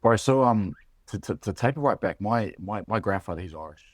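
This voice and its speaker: Deep-voiced New Zealand ex-rugby man. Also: expressive, no echo. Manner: halting, many fillers and restarts, says "bro" often. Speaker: podcast guest, former rugby player. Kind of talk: casual conversational interview.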